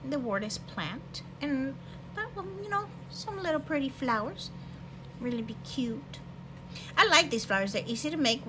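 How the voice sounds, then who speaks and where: Woman in her forties, bilingual, casual rambling hobby-art chat, somewhat high voice, hum behind. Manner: rambling, hesitant, many fillers. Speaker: hobby artist. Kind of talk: casual show-and-tell.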